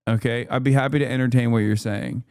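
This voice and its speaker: A man hosting a stream, reacting to a video in rapid, argumentative, exasperated casual commentary. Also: mid-range voice, fairly even intonation, a little mellow, clean tone, no echo, clean studio sound. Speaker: streamer host.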